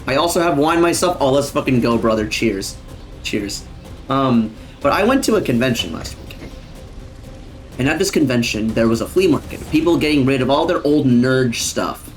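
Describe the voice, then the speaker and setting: A man's voice: medium pitch, animated, moderate pace, faint music behind. A young man casually chatting on a live stream, rambling and swearing often, with lots of fillers.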